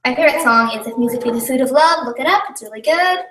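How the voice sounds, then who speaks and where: Chatty giggly girl on a live stream, high and bright, sounds far off in an echoey room. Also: expressive, fast talker, slight background noise. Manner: chatty and giggly, rambling with many fillers. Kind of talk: casual live-stream chat.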